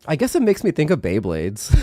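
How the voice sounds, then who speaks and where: A young man streaming casual chat, his nose congested, laughing often and slipping into halting Japanese. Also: on the high side, huge pitch swings, warm tone, dry recording.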